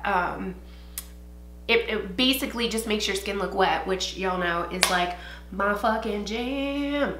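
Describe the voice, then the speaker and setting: A young beauty vlogger from Ohio, USA, films a get-ready-with-me video indoors at home, rambling, swearing casually and using plenty of fillers. Her voice is medium-pitched, and the recording is reverberant with background noise.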